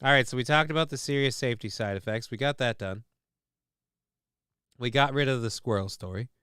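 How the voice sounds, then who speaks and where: A man's voice: medium pitch, brisk, a bit bright, smooth, dry recording, clean studio sound. A man hosting a livestream show, chatting casually with a profane, sarcastic, rambling manner.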